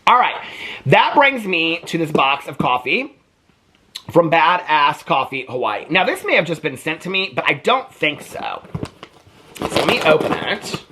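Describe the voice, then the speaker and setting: A man from Indiana casually vlogging as he unboxes mail, gushing with excitement and breaking into asides while reading aloud. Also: a little hiss or hum. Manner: gushing and excitable, voice jumps high when delighted; reads aloud haltingly with asides.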